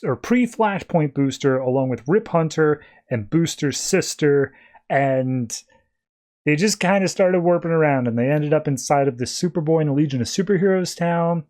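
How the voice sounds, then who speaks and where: A man's voice: on the high side, darkish tone. A podcast host, a man, casually reviewing comic books in a chatty, rambling way that often corrects itself.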